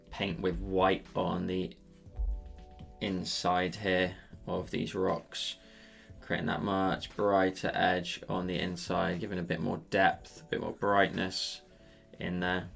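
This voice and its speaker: A deep-voiced man with a Scottish accent and a gravelly edge talks through a live digital painting tutorial. He is chatty and joking as he answers viewers between steps. Faint music plays softly behind him. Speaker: livestreaming digital artist. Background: faint background music.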